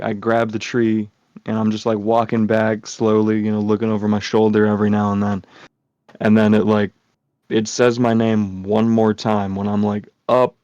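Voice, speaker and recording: A man's voice: lowish voice, a little mellow, dry recording. A man hosting a podcast, telling a story casually, rambling with lots of swearing and filler words. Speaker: podcast host. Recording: dull lo-fi sound.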